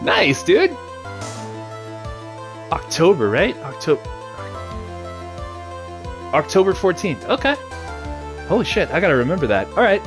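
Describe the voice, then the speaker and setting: A man giving casual, chatty commentary while playing a game, laughing often and throwing in quick asides. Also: a little high, huge pitch swings. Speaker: let's-play streamer. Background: game music.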